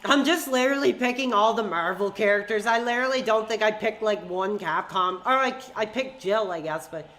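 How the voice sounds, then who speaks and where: Bright-voiced woman streamer ranting. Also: medium pitch, a little fast, few pauses. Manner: heated, ranting, swears. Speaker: streamer hosting call-ins. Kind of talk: live-stream chat with fans.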